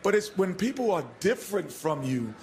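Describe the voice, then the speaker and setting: A man's voice: high voice, very animated, moderate pace, darkish tone, a little hiss or hum. A man from New York City on a TV studio panel, telling a story with animation. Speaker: TV studio analyst. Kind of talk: television studio panel talk.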